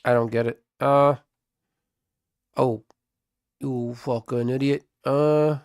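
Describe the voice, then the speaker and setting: A man in the middle of live gameplay commentary, muttering and trading insults with an unseen opponent. His voice sits at a mid pitch and sounds close and dry, with no room around it. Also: steady tone, takes it slowly, long pauses, a little mellow, clear, resonant tone, no echo. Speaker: streamer.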